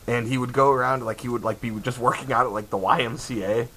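A man's voice: mid-range voice, fairly even intonation, fast talker, crowd noise, poor audio. A man co-hosting a podcast, chatting casually and reading online reviews aloud in a laid-back way. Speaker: podcast co-host. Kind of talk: casual chat.

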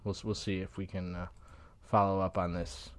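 A man's voice: sits low, level tone, normal speed, no echo. A man from Ohio co-hosting a casual chat, rambling with fillers and hedges. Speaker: podcast co-host. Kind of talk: casual chat over beers.

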